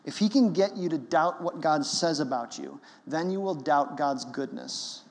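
A high-pitched male pastor delivering a sermon in an emphatic, conversational way. His voice carries a long reverb from a large church hall. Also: a little slow.

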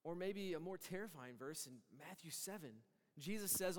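A male pastor with a high voice preaches a sermon, dropping to near-hushed lines and then rising to emphatic points. He acts out the people he quotes. His voice carries a long reverb from a church sanctuary. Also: lively intonation, normal speed.

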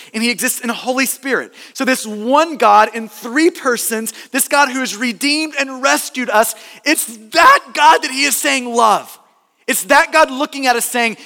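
High-voiced man preaching in a hall. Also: bright, forceful tone. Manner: earnest, emphatic, repeats words and restarts. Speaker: pastor. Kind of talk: sermon.

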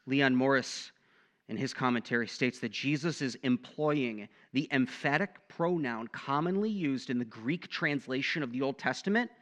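A young man preaching a sermon in a conversational, animated way, often tossing in "right?" to the listeners. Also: medium pitch, normal speed. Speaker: pastor.

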